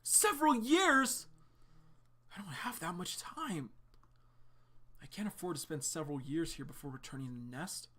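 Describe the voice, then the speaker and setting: A man's voice: a little high, lively intonation, fairly quick, a bit bright, breathy edge. A man reading the lines of an anxious young winged man in training aloud from a comic, worried and self-doubting.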